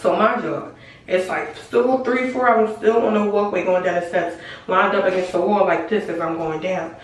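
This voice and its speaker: A woman's voice: lowish voice, moderate pace. A teenage girl tells a story straight to camera in blunt casual chat. She swears freely and slips into the other people's lines as she goes. The voice sits well back from the mic in a room with a lot of echo. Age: teens. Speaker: vlogger telling a story. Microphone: camera mic at a distance. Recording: very echoey room, far from mic.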